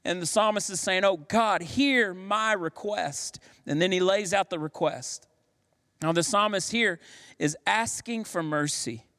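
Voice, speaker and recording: A man's voice: high-pitched, moderate pace, a bit bright. A man preaching a sermon as pastor, emphatic and given to rhetorical questions. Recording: long reverb of a large hall.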